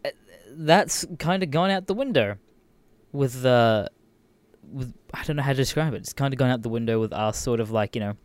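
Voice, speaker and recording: A man's voice: mid-range voice, normal speed, dry recording. A young Australian man hosting a podcast, ranting casually, swearing a lot and laughing often. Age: young adult. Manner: profane, animated, laughs often. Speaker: podcast host. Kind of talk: casual rant.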